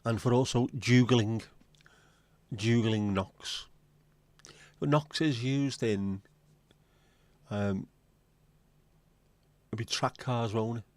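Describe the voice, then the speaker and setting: A man hosts a casual livestream in an easygoing, middle-pitched voice. He rambles through jokes and banter aimed straight at his viewers. The sound is dry and close, with no room echo. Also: takes it slowly, pauses often. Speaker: livestream host.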